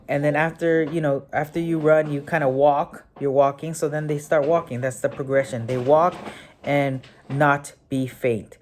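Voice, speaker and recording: Give me a low-voiced woman explaining a memory trick. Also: a little hiss or hum. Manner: thinks aloud, many fillers, self-correcting. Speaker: memory technique tutor. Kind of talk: casual spoken tutorial.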